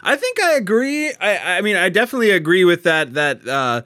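A man's voice: high-pitched, very animated, a little fast, pushed and bright, no room sound, studio quality. A man in casual conversation about a play, laughing often and restarting his sentences. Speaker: podcast co-host discussing a play. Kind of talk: casual chat.

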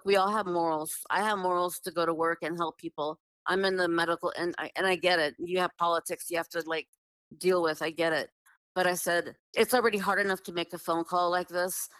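A woman's voice: on the low side, no room sound, low-quality recording. A woman telling a long personal story in a casual, earnest way, full of "like" and restarts. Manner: earnest, animated, filler-heavy with many restarts. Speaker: guest telling her story.

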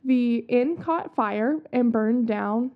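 Her voice sits on the high side and moves slowly as this young woman hosts a casual podcast about haunted places. Chatty and giggly, she swears casually while telling spooky stories, and the recording has a dull lo-fi quality.

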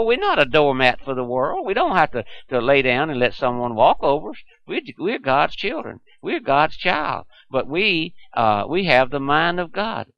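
A man's voice: mid-range voice, dry recording. A man preaching a radio sermon, speaking earnestly to the listener with many hesitations and restarts. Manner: earnest, addresses listener as "my friend". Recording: dull, lo-fi broadcast sound.

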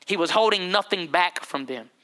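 In a church with music playing, a man preaches passionately, his high voice expressive, pushed and bright at a normal pace. As pastor, he builds with repeated, rising phrases.

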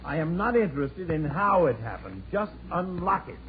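An exasperated dad on old radio. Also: male voice, on the high side, big pitch swings, normal speed. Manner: exasperated and blustering. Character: harried middle-aged father, stubborn do-it-yourselfer. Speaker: father. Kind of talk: 1940s radio acting. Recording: tinny old radio broadcast with hiss.

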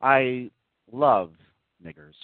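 A man's voice: mid-range voice, drawn-out words, no room sound. A man hosting a casual online radio talk show, rambling in a mock-serious way with many fillers, heard as tinny, phone-like audio. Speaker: host.

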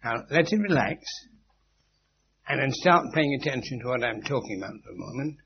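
A man of middle pitch gives an informal spiritual lecture to a group in a meeting room. His delivery is emphatic and instructive, with dry witty asides. The old tape sounds dull and carries a faint steady hum. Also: normal speed, vocal fry. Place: meeting room with a live audience.

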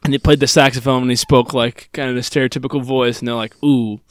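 A man co-hosting a podcast, casually recapping a TV episode and quoting the characters in quick asides. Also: mid-range voice, little pitch movement, clear, resonant tone, dry recording, clean studio sound. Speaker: podcast co-host.

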